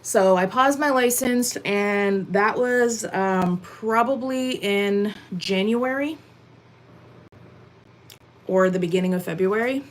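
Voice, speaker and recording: A woman's voice: mid-range voice, slow pace. A young woman from Massachusetts chatting casually with viewers while doing chores, rambling with lots of "like" and "um," a little out of breath. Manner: chatty, rambling, many "like" and "um" fillers. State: a bit out of breath. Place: at home.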